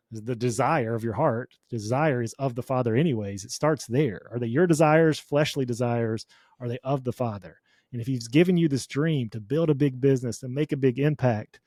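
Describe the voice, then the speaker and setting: A man's voice: mid-range voice, darkish tone, dry recording, studio quality. Earnest man talking faith and business. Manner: earnest, sincere, motivational. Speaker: podcast guest, business owner. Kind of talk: casual faith-focused conversation.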